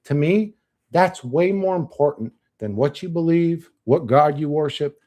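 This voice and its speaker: A man's voice: fairly high pitch, measured pace, warm tone. A young man streaming live, chatting casually and bluntly, cursing often and laughing at chat.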